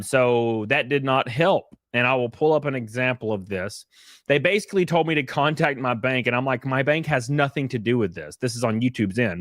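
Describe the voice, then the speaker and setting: A man's voice: mid-range voice, a bit bright, dry recording, clean studio sound. A man with a Southern accent, recounting his grievances in an online video. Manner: aggrieved storytelling, recounting complaints. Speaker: content creator.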